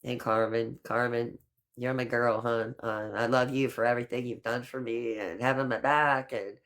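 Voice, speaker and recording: A woman's voice: very deep voice, steady tone, normal speed, fairly bright tone. A middle-aged woman hosting a casual live stream chat, talking in a chatty, affectionate way and calling people honey and girl.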